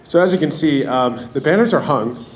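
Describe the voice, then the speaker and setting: A man's voice: fairly high pitch, lively intonation, normal speed. Man, ceremony organizer, casual introductions, lots of fillers, faint ambient noise. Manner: loose, filler-heavy introductions. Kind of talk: introducing speakers at an outdoor ceremony. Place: outdoor public ceremony.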